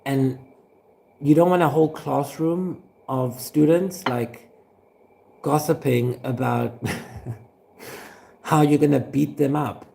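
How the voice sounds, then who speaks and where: An actor playing a suspicious, aggrieved former teacher who rambles with fillers and chuckles. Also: male voice, fairly high pitch, steady tone, takes it slowly, creaky, long pauses, darkish tone. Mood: rambling aggrieved. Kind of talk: scripted monologue.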